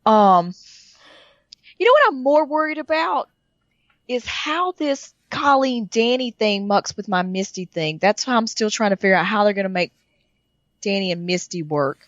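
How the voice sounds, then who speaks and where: A woman co-hosts a podcast while getting over a cold, so her voice sits lower than normal. She rambles, stacks restarts and laughs between thoughts. The recording is dry and close, with a slightly dull, muffled top end. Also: normal speed, dry recording. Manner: rambling, self-interrupting, laughing. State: sick, voice deeper than usual. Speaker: podcast co-host. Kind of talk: casual chat.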